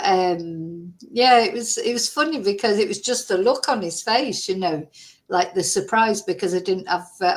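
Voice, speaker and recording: A middle-aged woman with a Mancunian accent talks to her livestream viewers in a loose, wandering way. She drifts off topic and teases herself for it. Her voice sits at an ordinary middle pitch. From Manchester, England. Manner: chatty and rambling, self-mocking. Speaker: channel host. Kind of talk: casual livestream chat.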